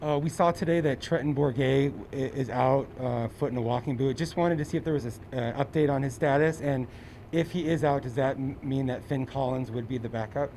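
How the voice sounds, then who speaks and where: A man's voice: medium pitch, a little fast, a little mellow, a little hiss or hum, low-quality recording. A man reporter asking a coach a brief, plain question at a press conference.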